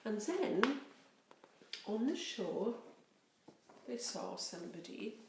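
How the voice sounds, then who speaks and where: Woman rector, children's storyteller, slow and gentle; roomy sound. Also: on the high side, vocal fry. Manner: gentle, expressive, drawn-out. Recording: roomy, faint background noise.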